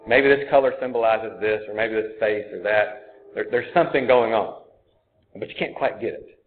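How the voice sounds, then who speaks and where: A pastor, a man with a fairly low voice, preaches in an earnest, conversational way, working through his points out loud. The sound is thin and tinny, like it came over a phone line. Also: normal speed, slight background noise. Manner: conversational, earnest, thinks aloud. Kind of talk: sermon.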